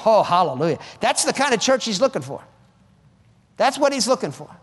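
Fervent high-voiced preacher in a reverberant hall. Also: male voice, sing-song, a little fast, slightly rough. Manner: fervent, repetitive exhortation. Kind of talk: sermon.

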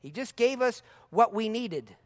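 A man preaching a lively sermon, laughing often and calling out hallelujah. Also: very high voice, measured pace.

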